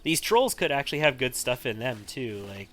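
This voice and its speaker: A man's voice: mid-range voice, big pitch swings, normal speed, fairly bright tone, slight background noise. A man giving casual commentary while he plays a role-playing video game, chatty and thinking aloud. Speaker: let's-play host.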